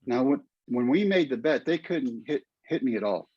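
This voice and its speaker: A man's voice: medium pitch, expressive, moderate pace, a little mellow, slightly rough, no room sound. Older Texan man telling an earnest story. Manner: emotional, earnest storytelling with quoted asides. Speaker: guest, former pitcher and teacher. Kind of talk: storytelling in a podcast interview. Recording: dull, lo-fi, dry sound.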